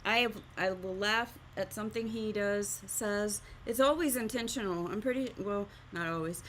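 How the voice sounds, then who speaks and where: A woman's voice: medium pitch, normal speed, fairly bright tone, slight background noise. A woman hosting a live art stream, chatting casually while teaching drawing and often laughing at herself.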